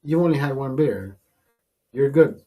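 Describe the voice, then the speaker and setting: A man's voice: medium pitch, expressive, unhurried, dark tone. A man hosting a live stream who tells a rambling, profane story in casual chat, laughing often and repeating himself. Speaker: show host. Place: studio.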